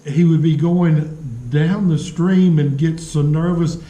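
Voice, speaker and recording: A man preaching a sermon in a church, telling stories earnestly with dramatic pauses. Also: a little high, dark tone, echoey room, dull audio. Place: church sanctuary.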